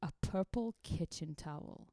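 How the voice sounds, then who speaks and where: A woman's voice: deep voice, measured pace, dark tone, dry recording, studio quality. A young woman from Israel, a podcast co-host, telling a wild travel story casually, swearing freely and laughing through it.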